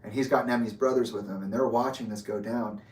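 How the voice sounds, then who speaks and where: A man telling a story in casual talk, animated and profane, acting out what others said, recorded in an echoey room with the mic far off. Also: on the low side, brisk. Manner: profane, animated, acts out quoted speech. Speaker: guest storyteller.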